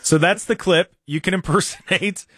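A man with a high-pitched voice hosts a radio talk show from a studio, heard through a studio microphone with some background noise. He chats casually in a halting way, often beginning his sentences again.

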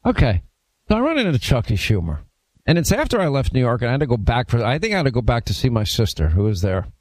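A man hosting a talk radio show, telling stories and acting out quotes in an animated way. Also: fairly high pitch, no echo. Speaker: radio host. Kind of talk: casual talk show banter.

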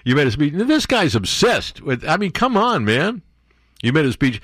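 A man's voice: medium pitch, sing-song, moderate pace, pauses often, a bit bright, no echo, clean studio sound. A man hosting a talk radio show, reading news aloud and breaking in with sarcastic, mocking commentary.

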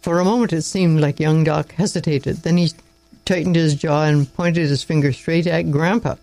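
A man narrating a story aloud in a plain, measured reading with small slips. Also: fairly high pitch, steady tone, creaky, darkish tone, no echo, rough recording.

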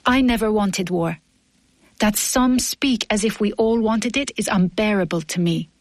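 A woman's voice: mid-range voice, unhurried, no room sound. A woman reading her personal diary entries aloud in a weary, earnest way.

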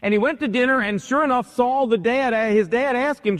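A man's voice: extremely high pitch, a little fast, few pauses. A man preaching a sermon, retelling scripture in casual modern speech and acting out the characters' lines. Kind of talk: sermon, retelling a Bible story.

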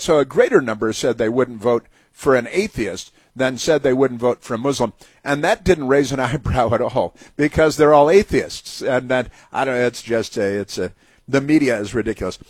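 A talk-radio man with a husky, slightly rough voice, recorded close and dry with no room sound. He rants in a sarcastic, mocking way, stumbling through restarts and filler words as he goes. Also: mid-range voice, dry recording. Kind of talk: opinionated talk radio monologue.

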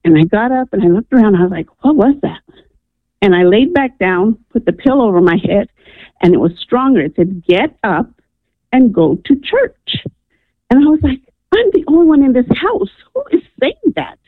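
A woman's voice: fairly high pitch, very animated, fairly quick, no echo. A woman calling in to a radio show, telling a personal story earnestly with frequent ums. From New Mexico. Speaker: radio caller. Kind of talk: call-in testimony. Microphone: telephone. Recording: tinny phone line, dry.

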